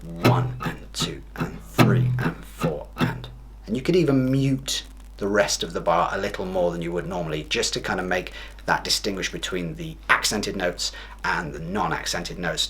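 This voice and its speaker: A man explaining strumming in a guitar lesson, steady and methodical, counting beats aloud. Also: low voice, normal speed. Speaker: guitar teacher. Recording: guitar music loud behind. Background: guitar playing.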